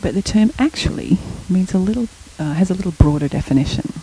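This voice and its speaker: A woman's voice: on the low side, lively intonation, quick pace, dark tone, slight background noise, low-quality recording. A middle-aged woman giving an academic lecture, explaining terms and telling a short story from her own life. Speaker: guest lecturer.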